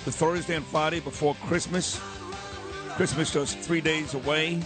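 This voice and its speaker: A man's voice: on the high side, fairly even intonation, over music. A middle-aged man hosting a radio talk show, bantering and arguing with teasing comebacks from a studio microphone. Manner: argumentative, teasing, quick comebacks.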